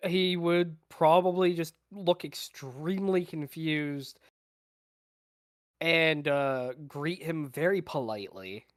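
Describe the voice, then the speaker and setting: A man in a tabletop game, talking slowly and hesitantly. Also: on the high side, dry recording, clean studio sound. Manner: slow, hesitant. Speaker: player. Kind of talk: casual chat at a game table.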